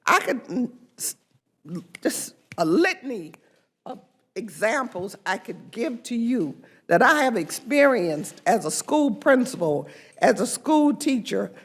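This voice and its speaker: An older woman, a congresswoman, giving an emphatic, deliberate press conference speech. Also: a little high, sing-song, husky.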